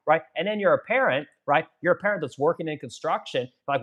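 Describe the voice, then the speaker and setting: Fast-talking, profane livestream ranter. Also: male voice, a little high, animated. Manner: blunt and profane, rambling with frequent asides to viewers. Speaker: live-stream host reading viewer comments. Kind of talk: casual political rant on a live stream.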